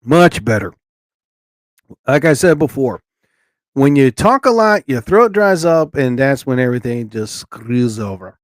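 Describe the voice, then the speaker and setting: A man's voice: mid-range voice, big pitch swings, measured pace, no room sound. Rambling man hosting a live stream. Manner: rambling, talks to chat viewers by name. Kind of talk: casual live-stream chat.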